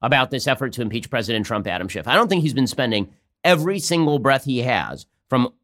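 A male podcast host delivering political commentary at a fast clip. His tone stays sarcastic and mocking. His voice sits at a middling pitch for a man. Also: sing-song, a bit bright.

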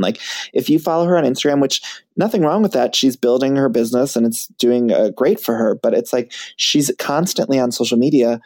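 A man chatting as a podcast guest, animated and self-mocking, laughing at himself often. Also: medium pitch, brisk. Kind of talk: casual chat.

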